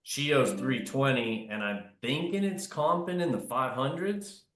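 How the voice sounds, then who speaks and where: A man's voice: mid-range voice, a little slow, fairly bright tone. A man in a casual chat, easygoing and affirming, thinking his ideas through aloud. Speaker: guest, real estate investor. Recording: echoey room.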